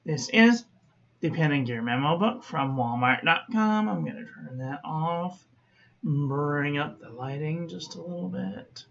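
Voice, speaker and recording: A woman calmly reviewing fountain pen ink in a chatty vlog, often correcting herself as she talks to her viewers. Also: low voice, measured pace, vocal fry, highs cut off. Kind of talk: unhurried product review.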